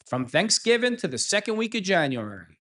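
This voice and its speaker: A man's voice: high-pitched, sing-song, a little fast, fairly bright tone. A man hosting a fan reaction show, ranting heatedly and sarcastically at sports pundits. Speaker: sports commentary host.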